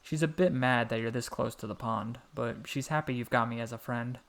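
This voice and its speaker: A man voicing a small, gentle and wise male frog who speaks softly and protectively. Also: mid-range voice, a little fast, lightly acted. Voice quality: soft little voice. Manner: warm, fatherly, calls the boy "little one".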